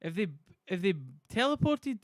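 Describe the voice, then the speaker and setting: A man's voice: high voice, expressive, moderate pace, dry recording, clean studio sound. A man reading a play on a live stream, swearing and bantering in exasperation with his chat. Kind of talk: casual livestream reading.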